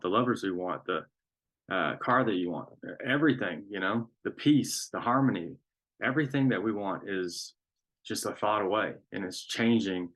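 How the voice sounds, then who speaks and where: A man giving a reflective spiritual talk as a teacher, unhurried and thoughtful, with frequent pauses and ums. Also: fairly low pitch, fairly bright tone.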